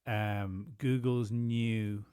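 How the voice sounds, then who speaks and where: A man's voice: on the low side, fairly even intonation, extremely slow, mellow, clean tone, dry recording, studio quality. A man co-hosting a podcast, chatting casually, rambling with many fillers and some swearing. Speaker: podcast co-host.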